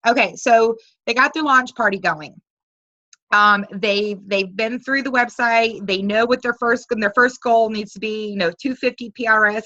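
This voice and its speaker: Bright, chatty woman coaching on a call. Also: a little high, no room sound, muffled recording. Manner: upbeat, chatty, quotes messages in a lively voice. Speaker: team leader. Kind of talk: coaching talk on a video conference. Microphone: video call.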